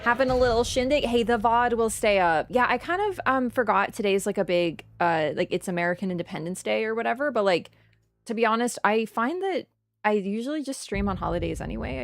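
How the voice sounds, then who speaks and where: A woman's voice: a little high, fairly quick, creaky, a little hiss or hum. Chatty young woman ranting on stream. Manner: animated, swears freely, rants with many fillers. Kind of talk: casual livestream chat.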